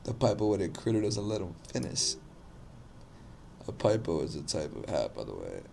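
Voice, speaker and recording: A man reading a video game's text out loud, breaking off for crude asides of his own. His voice sits low and gravelly, with a lot of fry, yet it swings widely in pitch as he reads. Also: very animated, normal speed, a little hiss or hum. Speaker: gaming video host.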